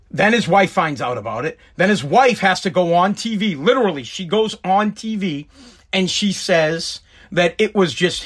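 A man's voice: on the high side, fairly bright tone. A man with a Massachusetts accent hosting a show, ranting bluntly and with lots of profanity in casual commentary. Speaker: podcast host.

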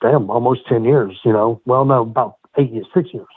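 A middle-aged man spins animated, curse-filled anecdotes as a podcast guest, acting out both sides of the talk. His voice is husky and sits at an ordinary pitch. It comes through narrow and dry, like a phone call. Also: moderate pace, no room sound. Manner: profane, animated anecdotes with quoted dialogue. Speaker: guest, former wrestler. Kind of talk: casual storytelling in a podcast interview.

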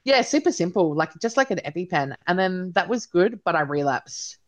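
A woman's voice: on the low side, very animated, moderate pace. A woman guest talking frankly and casually in an interview, blunt and occasionally swearing. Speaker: podcast guest. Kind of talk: candid casual conversation.

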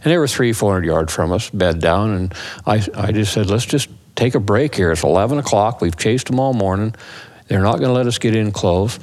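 A man's voice: on the low side, a little fast. A man casually telling a hunting story, acting out elk calls and the voices of his companions. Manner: animated, acts out calls and voices.

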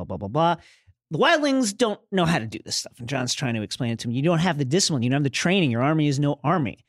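A man co-hosts a podcast and recaps scenes in casual chat, laughing often. His pitch moves a lot, and the sound is dry and close. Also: gravelly, fairly bright tone, no room sound. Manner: laughs often, retells scenes by reading the lines aloud. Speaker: podcast co-host.

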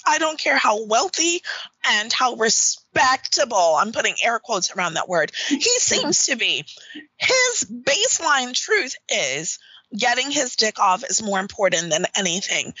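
A woman's voice: a little high, bright, forceful tone, husky, no echo, low-quality recording. A woman being interviewed about her work as a dominatrix. She talks bluntly and emphatically and swears freely. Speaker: dominatrix guest. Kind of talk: candid interview talk.

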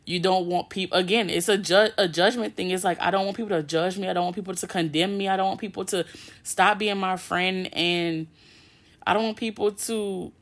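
A woman's voice: fairly low pitch, moderate pace. A young adult woman hosting a podcast, telling a personal story in a candid, casual way with lots of swearing. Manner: candid and heavy on swearing, with animated retellings. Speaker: podcast host.

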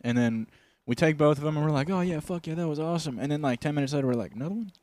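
A young man co-hosting a comedy podcast, making deadpan crude jokes and dry asides. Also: a little high, rapid-fire, no echo. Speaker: podcast co-host. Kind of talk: casual chat. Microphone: studio microphone.

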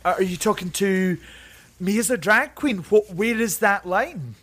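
A young man speaking as a guest in a candid interview, chatty and animated, who often stumbles over repeated words and acts out what other people said in mimicking voices. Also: sits high, measured pace. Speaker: interview guest, drag performer.

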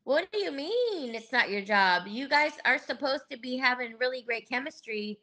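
This middle-aged woman's voice sits high, pushed and bright, with lively intonation at normal speed. As a podcast guest she tells frank, laugh-filled stories, acting out what others said.

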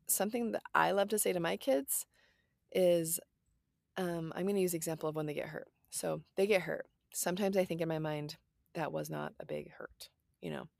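Woman, thirties, low voice, dry close recording, earnest, reassuring, chatty parenting advice. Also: vocal fry, no room sound. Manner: earnest, reassuring, lots of "like" and "right?". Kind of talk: casual parenting advice talk.

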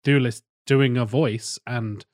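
A man co-hosting a film podcast, rambling in casual chat and swearing freely. His pitch sits in the middle, and his asides often trail off quietly. The recording is dry and close. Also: steady tone, slow pace, no room sound. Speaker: podcast co-host.

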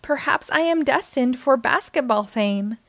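A woman reading as a high, earnest little girl seahorse. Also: a little slow, dry recording. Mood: hopeful. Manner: sing-song storybook rhyme, gently expressive. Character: young girl seahorse with a unicorn horn, eager and earnest.

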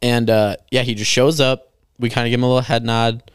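Young male guest, quick animated storyteller, clear voice, dry close sound. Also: mid-range voice, no echo. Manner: animated storyteller, filler-heavy. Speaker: podcast guest. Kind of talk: casual chat.

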